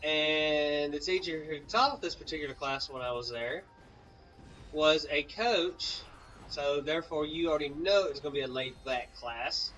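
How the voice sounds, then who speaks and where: A man's voice: on the high side, moderate pace, pushed and bright, far from the mic, muffled recording, soft background music. A young man from Mississippi with a Southern US accent, telling a rambling casual story while playing a video game and breaking off to react to the game. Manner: rambling, many fillers and asides to the game. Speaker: gaming channel co-host. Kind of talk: casual storytelling over gameplay.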